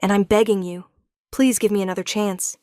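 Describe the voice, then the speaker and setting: A woman's voice: medium pitch, fairly even intonation, fairly quick, a little mellow, no echo, clean studio sound, natural voice. A woman voicing a pleading werewolf king. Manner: earnest, pleading. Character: remorseful young male werewolf king, pleading.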